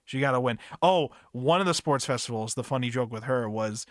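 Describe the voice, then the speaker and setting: A man's voice: mid-range voice, a little fast, few pauses, no room sound, clean studio sound. A man hosting a podcast book club, chatting casually in a rambling, profane, laid-back way. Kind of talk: casual chat.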